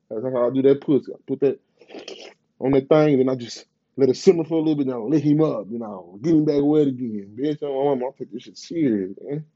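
A man's voice: medium pitch, lo-fi sound. A man, ranting in a profane, rambling, slang-heavy way in a casual vlog. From Bay Area, California. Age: 30s.

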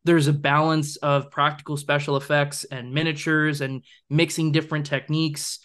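A man's voice: a little high, level tone, normal speed, fairly bright tone. A young man co-hosting a film podcast, talking enthusiastically in a rambling way with fillers and laughs. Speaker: podcast co-host. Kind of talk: casual film discussion.

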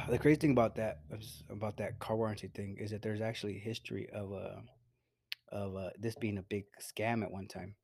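A man's voice: on the low side, fairly even intonation, normal speed, vocal fry, a little mellow, no echo. A man co-hosting a podcast in casual, profane chat, rambling with many restarts. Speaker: podcast co-host.

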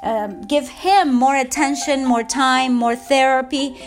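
A woman's voice: high-pitched, slow, soft background music. A woman fitness coach talking emotionally and rambling in a casual vlog, laughing often, recorded on a phone without a mic. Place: at home, Eastern US time. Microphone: phone without external mic.

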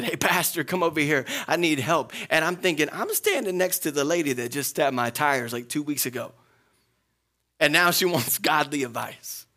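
A man's voice: on the high side, pushed and bright. A middle-aged man, a pastor, preaching a sermon and telling a personal story with rising emphatic peaks.

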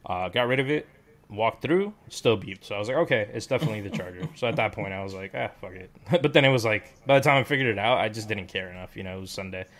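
A man's voice: fairly low pitch, fast, a bit bright. A man chatting casually with friends, rambling with lots of fillers and restarts. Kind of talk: casual chat.

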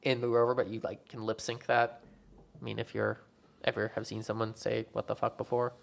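A man's voice: on the low side, monotone, brisk, creaky. A young man chatting casually about movies, rambling and filling his talk with "like" and "um". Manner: rambling, filler-heavy, lots of "like". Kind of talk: casual chat.

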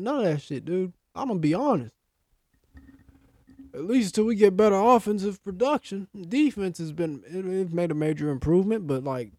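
Young man, sports podcast co-host, heated rant, swearing, lively swooping voice, dry close sound. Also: sits high, moderate pace, no room sound. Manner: heated, swearing, ranting about his team. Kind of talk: casual sports chat.

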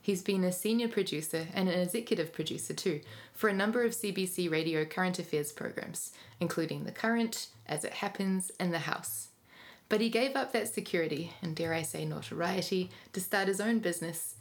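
A woman hosting a podcast, reading a scripted intro and asking interview questions in a clear, measured way. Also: lowish voice. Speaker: podcast host.

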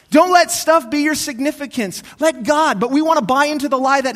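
A man with a notably high voice preaches a sermon in church. He alternates quiet, slowed-down reflection with rising, insistent calls to his listeners, hammering key words by repeating them. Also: animated. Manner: swings between hushed, slow reflection and raised, urgent exhortation; repeats key phrases for emphasis. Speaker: pastor.

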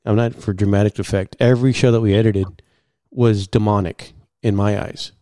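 Low mellow-voiced man telling a story. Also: moderate pace, no echo, studio quality. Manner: animated, acts out quoted dialogue, many fillers. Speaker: guest. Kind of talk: casual storytelling.

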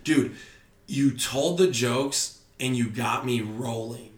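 A young man, a stand-up comedian, telling stories in casual podcast chat, animated and swearing freely. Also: medium pitch, slow, roomy sound. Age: young adult. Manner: animated storytelling, heavy swearing.

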